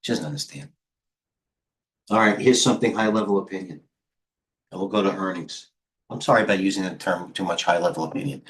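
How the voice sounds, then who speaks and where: Speaking low and a little fast, with long pauses, a middle-aged man hosts a live trading stream while out of breath. His talk is casual and rambling, full of self-deprecating jokes and things muttered to himself.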